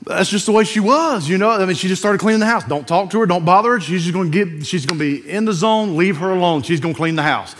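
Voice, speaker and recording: A man preaching a sermon, animated, acting out scenes and quoting scripture. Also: sits high, fast talker, few pauses. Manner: animated, acts out scenes and quotes.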